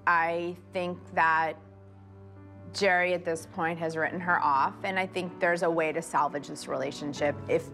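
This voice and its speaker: A woman's voice: fairly low pitch, steady tone, normal speed, fairly bright tone. A woman earnestly explaining her dogs' behavior in an interview for a reality show. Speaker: dog owner on a reality show. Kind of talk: TV confessional interview. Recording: TV clip with music underneath.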